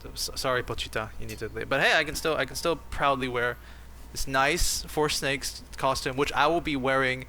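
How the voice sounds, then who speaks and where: A man's voice: medium pitch, normal speed, pushed and bright, a little hiss or hum. A man hosting a casual podcast, often stammering and repeating words as he chats. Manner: stammering, laughing, self-deprecating. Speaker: podcast host.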